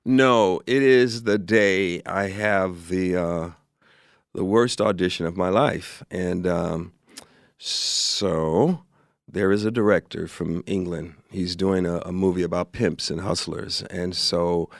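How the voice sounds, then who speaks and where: A man's voice: sits low, slow, vocal fry, no room sound, studio quality. A man from Chicago, an actor and filmmaker, telling stories as a podcast guest and acting out the people in them. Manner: animated, acts out the people in his stories. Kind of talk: storytelling in a podcast interview.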